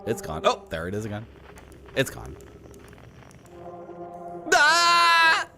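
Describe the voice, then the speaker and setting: Lively low-voiced man streaming a game. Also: fairly quick, gravelly. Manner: chatty, laughs often, sudden excited outbursts. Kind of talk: live gameplay commentary. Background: game music.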